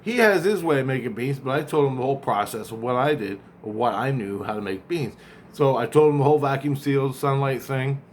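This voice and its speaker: A man casually retelling a dream, rambling and acting out both sides of the conversation, often halting and repeating words. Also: medium pitch, a little hiss or hum.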